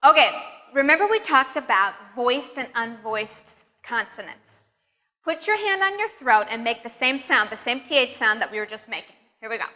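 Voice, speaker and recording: Bright high-voiced woman teaching pronunciation. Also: very animated. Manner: slow, exaggerated drills with clear encouragement. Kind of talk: pronunciation lesson. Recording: long hall reverb.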